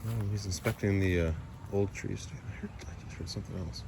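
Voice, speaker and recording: Low-voiced man rambling outdoors. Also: fairly even intonation, fairly quick. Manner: soft-spoken, rambling, coos baby talk to his cat. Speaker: vlogger walking his cat outdoors. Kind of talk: casual chat, talking to his cat and viewers. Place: outdoors in woods near a house. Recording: noticeable outdoor background noise.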